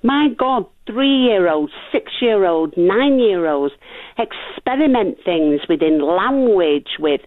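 A woman's voice: medium pitch, animated, slow pace, dry recording. An older woman calling in to a radio phone-in, indignant and often saying "you know, like". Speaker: caller. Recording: dry tinny phone line.

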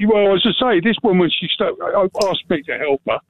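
A man's voice: high-pitched, a little fast, a little hiss or hum. A man calling in to a radio phone-in, chummy and matey with the host. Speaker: caller. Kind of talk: phone-in call. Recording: tinny dry phone line.

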